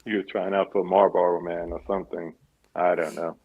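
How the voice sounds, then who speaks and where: Husky low-voiced New man hosting. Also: flat delivery, brisk, narrow, tinny audio. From New York. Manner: chatty, laughs often. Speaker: podcast host. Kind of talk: casual video-call interview.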